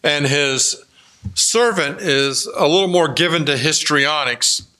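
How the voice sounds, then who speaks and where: A man preaching a sermon, telling stories in a slow, conversational way with many pauses and fillers. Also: fairly high pitch, bright, forceful tone. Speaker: pastor.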